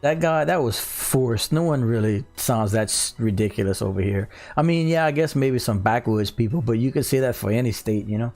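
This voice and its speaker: A laid-back man from South Louisiana with a clear Cajun accent, talking loosely to his livestream viewers from home. His mid-pitched voice carries a gravelly, creaky edge, and faint music plays underneath. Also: normal speed, few pauses, a little mellow. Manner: laid-back, reads chat aloud, drawls "y'all". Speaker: livestream host. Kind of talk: casual livestream chat. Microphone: studio mic on a boom.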